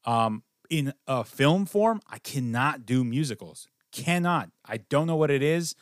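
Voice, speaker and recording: A man's voice: mid-range voice, expressive, a little slow, no echo, clean studio sound. A man hosting a podcast in casual chat, laid-back, laughing easily and swearing. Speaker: podcast host.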